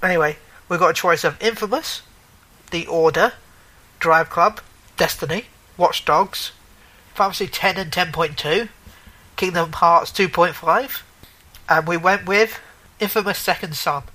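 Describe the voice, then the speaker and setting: A man chatting casually about video games on a podcast, his voice bright and forward. He rambles, stumbles over names and keeps correcting himself, with a joking edge to it all. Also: high-pitched, measured pace, long pauses, rough recording. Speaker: podcast co-host. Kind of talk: casual gaming chat.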